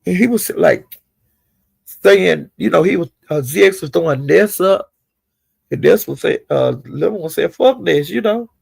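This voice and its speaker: Speaking at a measured pace in a fairly high, husky voice with vocal fry and a darkish tone, a man gives foul-mouthed gossip commentary about live streamers. He addresses and scolds the people involved directly, and the recording has no room sound.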